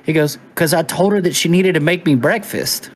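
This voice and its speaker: A man's voice: a little high, fairly quick. A man who is a police officer, telling a call story in casual podcast chat, profane and acting out the dialogue.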